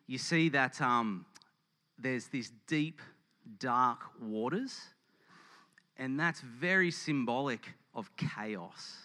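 A man's voice: mid-range voice, pushed and bright. Chatty, joking male preacher. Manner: chatty, joking, addresses the audience. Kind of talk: casual sermon. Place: hall with audience.

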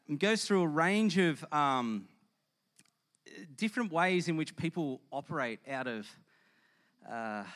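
A man's voice: a little high, fairly bright tone. Chatty, joking male preacher. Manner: chatty, joking, addresses the audience. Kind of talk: casual sermon. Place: hall with audience.

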